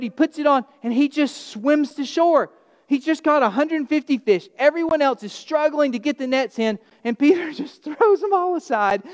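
A male pastor delivers a sermon with an animated storytelling manner, and he acts out the characters as he goes. His voice sits high for a man. The sound carries a long reverb, as if it was recorded in a large hall. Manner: animated storytelling, acting out the disciples' lines.

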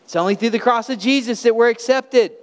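A pastor with a very high voice preaches a sermon a little quickly in a church sanctuary. He is earnest and emphatic, posing rhetorical questions, and the recording has the long hall reverb of a church.

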